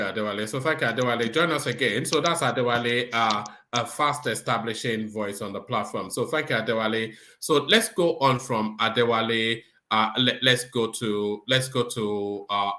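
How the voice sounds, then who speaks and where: Bright-voiced male panel host. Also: fairly low pitch, moderate pace, hardly any pauses, roomy sound. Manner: upbeat, playful introductions. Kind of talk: hosting an online panel.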